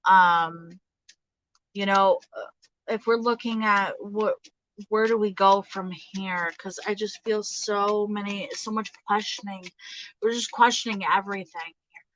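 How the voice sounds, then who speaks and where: A woman in her thirties giving a casual tarot reading, halting and hesitant, with many fillers and restarts. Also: medium pitch, fairly even intonation, a bit bright, highs cut off. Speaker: tarot reader.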